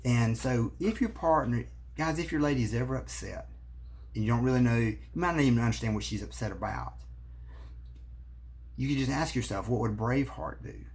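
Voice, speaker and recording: A man's voice: medium pitch, animated, fairly quick, a little mellow. A man, a marriage therapist giving earnest advice straight to the camera. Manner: earnest, coaching, speaks straight to the viewer. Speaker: marriage therapist and relationship coach. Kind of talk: direct-to-camera advice talk.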